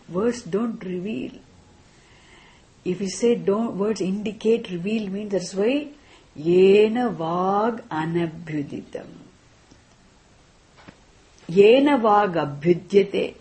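A woman teaching a class on scripture, speaking deliberately and often checking in with "isn't it?". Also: medium pitch, mellow. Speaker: Vedanta teacher.

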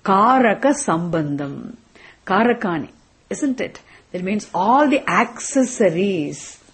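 Slow, husky woman teaching a scripture class. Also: mid-range voice, very animated. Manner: explains by repeating phrases, asks the class "isn't it?"; reads Sanskrit verses slowly, chanting each word. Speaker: Vedanta teacher.

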